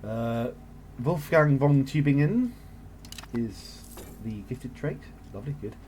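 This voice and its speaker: A man's voice: medium pitch, lively intonation, slow, mellow, slight background noise. A man casually commentating his own strategy game play as he thinks aloud, with jokey asides. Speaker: gameplay streamer. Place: home setup, recorded live on a voice chat.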